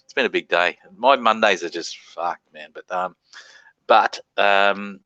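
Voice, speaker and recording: A man's voice: sits low, a little slow, bright, forceful tone, no room sound, dull audio. An Australian man hosting a live stream, chatting casually, swearing freely and greeting viewers in the chat.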